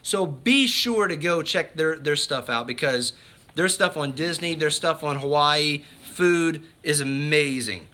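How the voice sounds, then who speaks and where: A man's voice: a little high, unhurried, sharp tone. A man hosting a casual livestream chat, talking in a rambling, enthusiastic way with many restarts and greetings to viewers. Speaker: livestream host.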